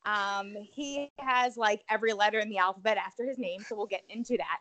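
A woman's voice: mid-range voice, brisk, a bit bright, dry recording. A woman co-hosting a podcast in casual, upbeat chat full of fillers. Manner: chatty, upbeat, filler-heavy. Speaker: podcast co-host.

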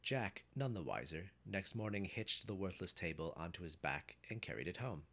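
A man narrating an old folk tale in a measured storyteller's delivery. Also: low voice, lively intonation, fairly bright tone.

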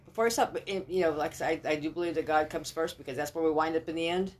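A woman's voice: low voice, racing. A middle-aged woman chatting casually, emphatic and preachy about faith and love. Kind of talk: casual chat.

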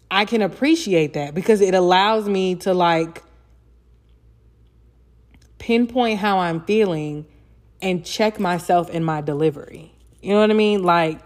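A woman's voice: on the low side, a little mellow. Candid, chatty young woman podcaster. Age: young adult. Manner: candid, chatty, profane, lots of fillers. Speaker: podcast host. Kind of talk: casual solo podcast monologue.

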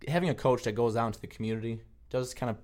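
A man's voice: mid-range voice, rapid-fire, a little mellow. A young man co-hosting a campus podcast, telling stories casually with frequent restarts. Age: young adult. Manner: rambling storyteller with many restarts. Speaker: podcast co-host. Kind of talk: casual conversation.

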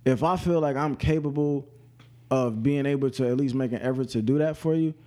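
A man in casual podcast chat who speaks earnestly and haltingly, often repeating words as he works out his point. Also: medium pitch, mellow.

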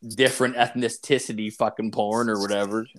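A man's voice: fairly low pitch, level tone, normal speed, a bit bright. A man in loose, casual conversation. He swears freely and strings his thoughts together with endless "like"s. His delivery is rambling and unpolished. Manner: crude, profane storytelling with frequent fillers. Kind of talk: casual chat.

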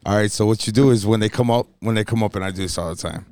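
A man's voice: on the low side, racing, a little mellow, clean tone. A man, a DJ co-hosting a podcast, chatting casually, swearing freely and joking as he mimics crowd members. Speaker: DJ and podcast co-host. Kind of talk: casual chat.

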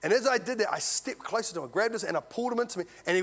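Storytelling male preacher, lively. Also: sits high, very fast. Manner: storytelling preacher, swings from loud to hushed. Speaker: visiting preacher. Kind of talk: sermon.

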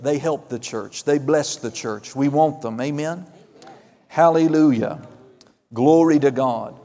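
A man preaching a fervent sermon, calling out amens and hallelujahs, swinging between loud and hushed. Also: on the high side, big-room sound. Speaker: pastor.

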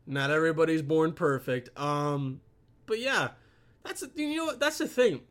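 A man's voice: a little high, lively intonation, unhurried, fairly bright tone. A young man venting to his camera in a rambling, profane rant, filmed on a camera set on his computer. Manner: profane, rambling, swears constantly. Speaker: vlogger.

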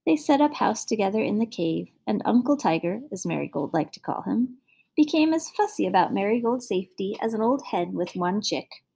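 A woman reading a fairy tale aloud as narrator, in an expressive storybook manner. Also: medium pitch, normal speed, creaky, breathy edge.

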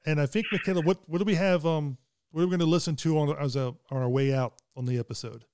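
A man's voice: on the high side, fairly even intonation, fast talker, darkish tone, a little hiss or hum. A middle-aged man hosting a casual movie podcast, talking hesitantly with many fillers and restarts. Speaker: podcast host and father.

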